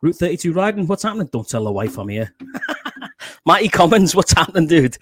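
A man's voice: fairly high pitch, big pitch swings, a little fast, a bit bright, breathy edge, no echo. A man with a Liverpool accent hosts a live stream in a loose, chatty way. He swears freely and laughs a lot. The recording is dry and close, with no room sound. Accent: Liverpool English. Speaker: podcast host. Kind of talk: casual live stream chat.

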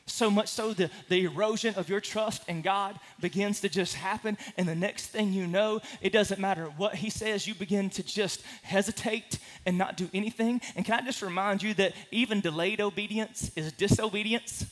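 A man preaching a sermon to a congregation, impassioned, swinging from hushed to loud. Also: high-pitched, steady tone, moderate pace, hardly any pauses. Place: large room with a congregation.

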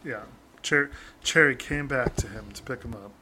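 A man's voice: medium pitch, moderate pace, pushed and bright, slight background noise. A man co-hosting a casual podcast, joking around and swearing freely. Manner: profane, joking banter. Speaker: podcast co-host.

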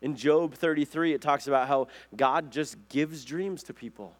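Earnest preacher man, slightly high voice. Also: moderate pace. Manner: earnest, asks the listeners questions, with restarts. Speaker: pastor. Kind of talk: conversational sermon.

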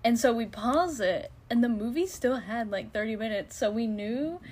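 A woman's voice: on the high side, expressive, normal speed, darkish tone, slightly rough. A woman co-hosting a casual chat, recapping a movie in a chatty way with frequent laughs. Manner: chatty, laughing often, many fillers. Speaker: co-host reviewing a movie.

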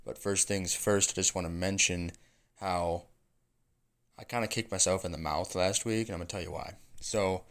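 A man hosting his own podcast in casual solo chat, rambling and swearing freely as he gets excited. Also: deep voice, normal speed. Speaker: podcast host.

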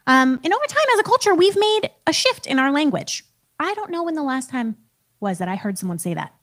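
A woman's voice: sits high, big pitch swings, a little fast, a bit bright. A woman in her thirties, a preacher and teacher, giving a casual, conversational talk with a self-deprecating manner.

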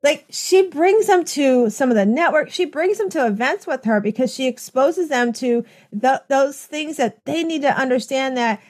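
A woman hosting an interview podcast, her voice sitting a little high. She talks with eager enthusiasm in long, rambling runs, often restarting her sentences. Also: lively intonation, normal speed, darkish tone. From United States. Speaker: podcast host. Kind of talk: conversational interview.

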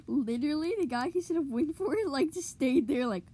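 A woman giving excitable live commentary on her own gameplay, cheering goals and groaning at misplays. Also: high-pitched, fairly quick, vocal fry, husky. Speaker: gamer streamer.

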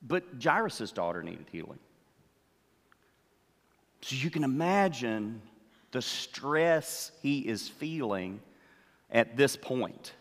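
An older man preaching a sermon, telling the story slowly and acting out what the characters say. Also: medium pitch, sing-song, big-room sound. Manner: slow storytelling, acts out the characters' words. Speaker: pastor.

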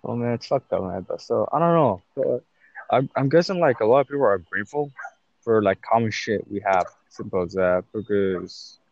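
A man's voice: lowish voice, normal speed, a little mellow, highs cut off. A young man co-hosting a casual podcast, talking in slangy, profane banter and calling his friend "fool" and "bro". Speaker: podcast co-host. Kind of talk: casual chat.

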